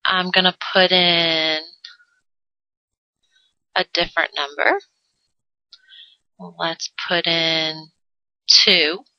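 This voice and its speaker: A woman's voice: on the low side, level tone, extremely slow, pauses often, sharp tone, smooth, dry recording. A woman teaching a math lesson in a playful way, adding silly sound effects and jokes. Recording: dull lo-fi dry recording.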